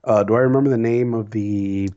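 A man plays a tabletop game in a relaxed, low voice. He sounds laid-back, and the recording is dull and lo-fi. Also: fairly quick. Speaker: player. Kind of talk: casual tabletop game play. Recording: dull lo-fi audio.

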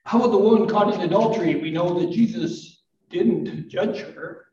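An older man gives a gentle, reflective sermon at a live church service, with soft asides and a touch of self-deprecating humor. His voice sits a little high and comes from some way off the mic. The live recording is dull and roomy. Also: normal speed, far from the mic. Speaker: pastor.

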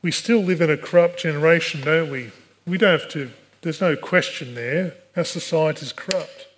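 A man's voice: a little high, normal speed. A man, a pastor, preaching a sermon in an earnest way, with rhetorical questions to the congregation. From Australia.

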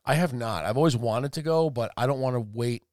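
A man's voice: mid-range voice, a little fast, darkish tone, no echo, studio quality. A man co-hosting a podcast in casual chat, joking and swearing freely with a sarcastic streak.

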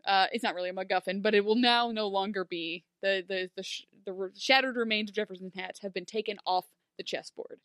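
Animated sarcastic woman, bright dry voice. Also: mid-range voice, a little fast, hardly any pauses, clear, resonant tone, dry recording. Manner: animated, sarcastic, lots of "like" fillers, acts out quotes. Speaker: podcast co-host recapping a TV episode. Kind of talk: casual chat.

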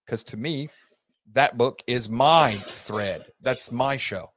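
A man's voice: mid-range voice, slow pace, a bit bright, dry recording. Guy teaching class, rambly and fired up, dry close sound. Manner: earnest, rambling, emphatic, with heated rhetorical questions. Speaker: teacher hosting an online class. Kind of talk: unscripted lecture to students.

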